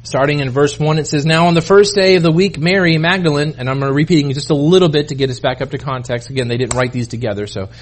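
A man's voice: a little high, fast, hardly any pauses. A middle-aged man preaching a sermon in a conversational way, often restarting and acting out the people he quotes. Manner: conversational, self-interrupting, acts out quoted voices. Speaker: pastor.

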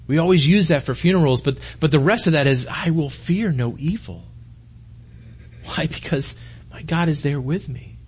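A middle-aged male pastor preaching a conversational sermon, rambling with many restarts and sinking into quiet, intense stretches. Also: fairly high pitch, a little fast, slightly rough.

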